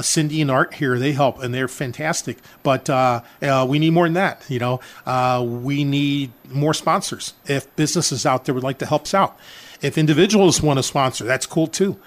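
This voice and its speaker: A man's voice: on the high side, normal speed. An older man, a charity organizer, telling an emotional personal story to listeners, with many "uh" fillers. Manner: addresses listeners as folks, frequent uh fillers.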